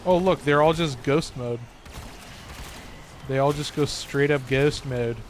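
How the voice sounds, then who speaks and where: A man's voice: medium pitch, measured pace, a little hiss or hum. A man with a Californian accent chatting loosely and swearing while streaming a game. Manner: loose and joking, swears often. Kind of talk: casual live-stream chat while gaming.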